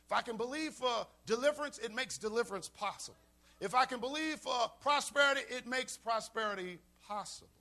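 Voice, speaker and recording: A man's voice: very high-pitched, brisk, pushed and bright. A man pastor preaching a sermon, repeating key lines for emphasis. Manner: preaching with call-and-response emphasis and repetition.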